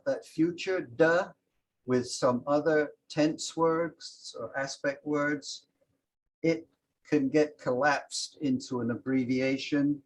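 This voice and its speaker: A man's voice: on the high side, darkish tone, poor audio. A man teaching a language class, patiently explaining grammar and demonstrating example phrases aloud.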